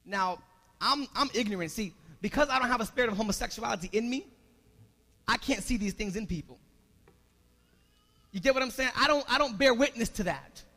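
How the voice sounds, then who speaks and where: A man preaching a sermon as pastor, moving from quiet storytelling into loud, rising exhortation. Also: very high-pitched, lively intonation, a little fast, long pauses, long reverb tail.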